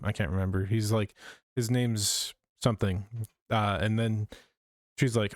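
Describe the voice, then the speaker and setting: Low-voiced man retelling with hesitation. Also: fairly even intonation, normal speed, no echo, clean studio sound. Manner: hesitant, acts out quoted lines. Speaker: podcast co-host. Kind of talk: casual chat.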